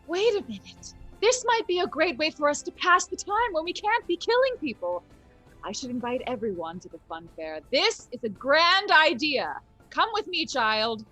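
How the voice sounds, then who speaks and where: Woman as a court clown, teasing, mock-menacing, high bright swooping voice. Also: very animated, a little slow, soft background music, full character voice. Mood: delighted. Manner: playful, teasing, mock-threatening.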